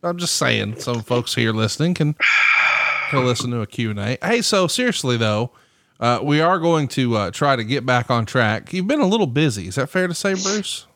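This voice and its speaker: A man's voice: mid-range voice, big pitch swings, moderate pace, a bit bright. Upbeat teasing male podcast host. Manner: upbeat, teasing, steers the talk. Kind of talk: casual podcast hosting.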